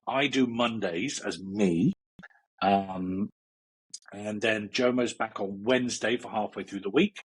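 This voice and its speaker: A husky man with a fairly low voice, talking loosely as an interview guest. He rambles with lots of fillers and restarts and breaks into laughter often. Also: a bit bright, poor audio. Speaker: meditation teacher, guest. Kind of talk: casual interview chat.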